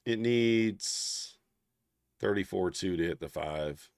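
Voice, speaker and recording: A man's voice: low-pitched, slow, vocal fry, darkish tone, no room sound, studio quality. A man hosting a live trading stream, thinking aloud in casual, half-murmured commentary. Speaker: trading livestream host.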